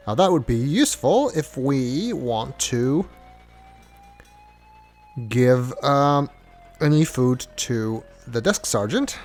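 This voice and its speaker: Chatty man, lively pitch. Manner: chatty, wry asides and musing. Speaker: let's play host. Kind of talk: casual gameplay commentary.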